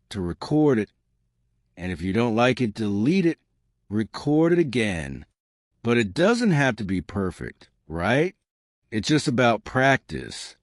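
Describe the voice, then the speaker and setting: A man's voice: fairly low pitch, dry recording, studio quality. A man, explaining tips for learning in a chatty manner and often checking in with "right?". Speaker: English teacher.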